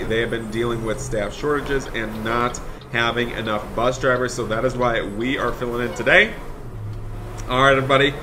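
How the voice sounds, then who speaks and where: A man's voice: mid-range voice, pushed and bright, a little hiss or hum. A young man giving chatty, upbeat commentary while role-playing a school bus driver in a video game. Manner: upbeat, chatty, keeps addressing viewers as "you guys". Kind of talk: Roblox roleplay commentary.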